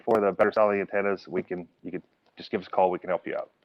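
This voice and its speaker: A man's voice: low-pitched, very fast, no room sound, highs cut off. A man guest, chatting casually about antennas and telling stories with lots of voice play. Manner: animated storyteller acting out phone calls. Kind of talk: casual chat, storytelling.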